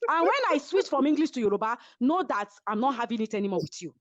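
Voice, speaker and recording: Lively high-voiced Nigerian woman. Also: fast talker, no room sound, lo-fi sound. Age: middle-aged. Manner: dramatic, keeps asking "do you understand?". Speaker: reality show cast member guest. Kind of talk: animated storytelling in an interview. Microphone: remote call.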